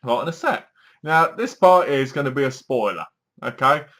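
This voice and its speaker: A young man giving a casual film review, retelling the plot in a rambling, animated way full of "so basically" and acted-out quotes. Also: medium pitch, normal speed.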